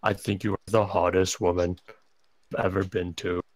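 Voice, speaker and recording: A man reading the lines of a nervous, lustful young male fox in a monotone delivery, breaking into laughter as he reads. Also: deep voice, moderate pace, a little hiss or hum, lightly acted. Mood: deadpan. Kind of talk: comedic fanfic reading.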